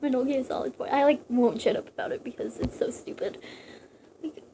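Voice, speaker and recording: High-voiced woman reading a novel aloud. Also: a little fast, background noise. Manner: giggly, chatty asides. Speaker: reader.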